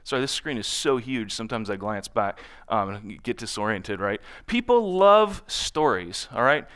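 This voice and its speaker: A man's voice: fairly low pitch, very animated, moderate pace, fairly bright tone, smooth. A man speaking at a conference in front of an audience, telling anecdotes in a conversational way and often checking in with "right?".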